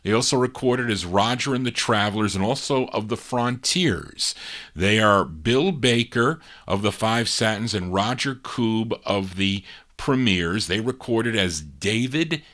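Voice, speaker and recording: A man's voice: fairly low pitch, animated, measured pace, fairly bright tone. A man hosting a live oldies record show, chatting casually between songs, rambling a little and correcting himself as he goes. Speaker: radio show host and DJ. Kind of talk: casual live radio-style record introductions.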